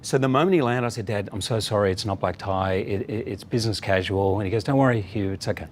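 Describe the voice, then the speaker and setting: A middle-aged man, a talk-show guest, telling a story in a relaxed, animated way and acting out the people he quotes. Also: fairly low pitch, fast talker, slight background noise. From Australia. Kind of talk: casual talk-show anecdote.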